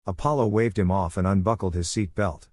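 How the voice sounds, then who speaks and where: Low-voiced man reading fan fiction. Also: brisk, darkish tone, dry recording. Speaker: fanfiction reader.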